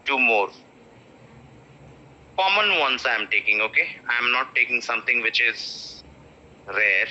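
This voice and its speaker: A man in his thirties with an Indian English accent, teaching pronunciation in an online class and repeating each word slowly. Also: mid-range voice, bright, forceful tone. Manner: repeats words slowly for drills, mixes in Hindi. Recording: dull lo-fi online-class audio.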